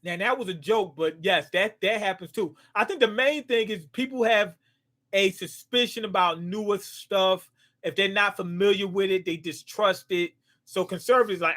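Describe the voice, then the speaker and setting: A man with a high, bright-pitched voice reacts live as he reads a comic aloud. He is excitable, bursts out at big moments and trips over hard names as he goes. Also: moderate pace. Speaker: manga reaction host.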